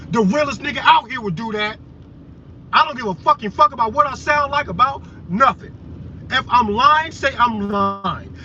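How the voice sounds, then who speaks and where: A man delivering a heated, profane, confrontational rant straight to his viewers. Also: extremely high pitch. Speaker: vlogger. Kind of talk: ranting monologue to viewers. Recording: dull lo-fi audio with loud road noise.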